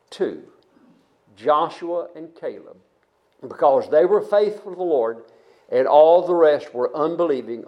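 High-voiced older man preaching folksy. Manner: folksy storytelling with frequent restarts. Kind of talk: sermon.

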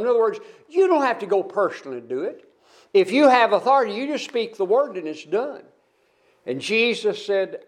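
A man with a high voice preaches a sermon. He retells the story with emphasis, adds folksy asides and often repeats words when he starts a phrase over. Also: animated, moderate pace.

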